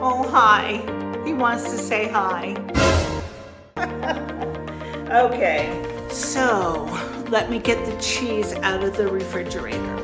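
A woman chats her way through a home cooking demo at a leisurely pace, goofy and talkative with the viewers. Her voice bounces around a roomy kitchen. Background music plays clearly beneath her. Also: mid-range voice, expressive, takes it slowly, long pauses. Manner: playful, self-described silly, chatty asides to viewers. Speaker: cooking vlogger. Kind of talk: casual cooking demonstration. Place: cabin kitchen.

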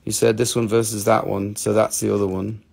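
A man's voice: lowish voice, flat delivery, brisk, gravelly, darkish tone. A man with a Southern US accent from North Carolina, hosting a live online crystal sales stream with joking, rambling salesman banter. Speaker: host selling crystals.

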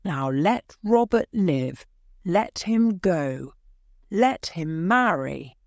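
A woman reading an audiobook voices a young woman who fakes a deep, terrible ghost voice to accuse someone. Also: animated, drawn-out words, darkish tone, no echo, clean studio sound, heavily acted. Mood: menacing. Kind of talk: audiobook character voice.

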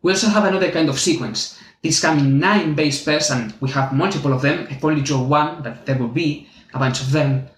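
A man with a Spanish accent giving a clear, methodical university biology lesson as the channel's teacher. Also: fairly high pitch, fairly quick. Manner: clear, methodical, friendly explaining. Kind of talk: university lecture explaining with drawings. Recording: echoey room.

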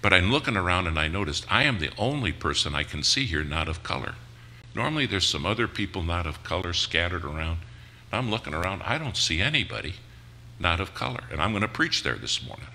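An older man who is a guest preacher, telling a story in a sermon at a church in a folksy, animated way. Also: sits low, brisk, slight background noise.

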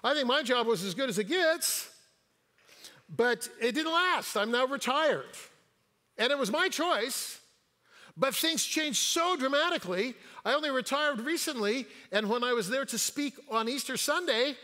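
An older man in his sixties delivers a sermon with a high, bright, forceful voice. He tells stories with light quips and occasional stumbles. His voice rings out with the long reverb of a church hall. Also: expressive, unhurried. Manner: storytelling with quips and hesitations. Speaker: guest pastor. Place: church sanctuary.

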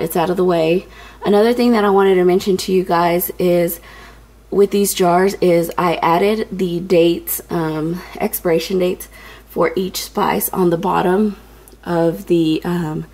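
A woman's voice: fairly low pitch, darkish tone. A young woman, a little out of breath, chatting casually with viewers as she walks through her home organization tips, with lots of ums. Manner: chatty, many ums, addresses viewers as you guys. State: slightly out of breath. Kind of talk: casual tutorial narration.

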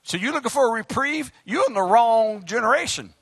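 Fiery preacher man, high voice. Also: a little fast, breathy edge, no room sound. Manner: animated preaching, joking asides, shouted exhortations. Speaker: pastor. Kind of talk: fiery sermon.

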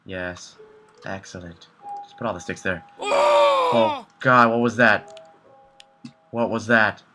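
Over loud music, a young man with a lowish voice commentates live on the video game he's playing. His tone stays steady and his pace measured, yet he sounds panicky, talking to himself and repeating words in frantic bursts.

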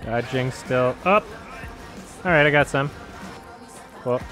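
A man streaming a co-op game in casual chat, excitable, swearing and yelping when hit. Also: mid-range voice, slow, soft background music. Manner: excitable, swears often, yelps at hits.

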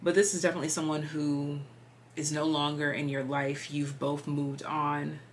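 Low-voiced chatty woman tarot reader. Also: flat delivery, normal speed, slight background noise. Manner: chatty, meandering, filler-heavy, drops into whispers. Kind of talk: casual tarot reading.

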